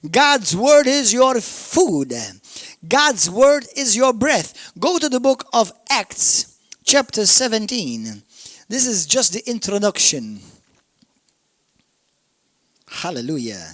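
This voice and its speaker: A man with a Maltese accent preaching a sermon, emphatic, swinging from shouts down to murmurs. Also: high-pitched, very animated, slow, pauses often, no room sound. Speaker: pastor. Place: church.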